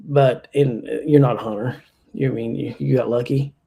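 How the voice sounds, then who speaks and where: A man's voice: mid-range voice, fairly even intonation, moderate pace, creaky, dark tone, breathy edge. A man from Kentucky, a hunter guest on a podcast, talking casually with lots of fillers and restarts. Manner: plainspoken, many fillers and restarts. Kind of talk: casual interview chat.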